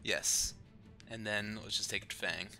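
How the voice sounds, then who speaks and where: A man with a bright, forceful voice runs a tabletop game, narrating loosely, laughing and swearing as he goes. His voice sits a little low, with faint music behind it. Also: fairly even intonation, normal speed, creaky. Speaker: dungeon master.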